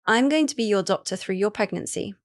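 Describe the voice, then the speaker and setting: Calm polite lady doctor in an audiobook, woman reading, dry close sound. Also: mid-range voice, fairly quick, no room sound, lightly acted. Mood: businesslike. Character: calm, friendly female doctor, adult.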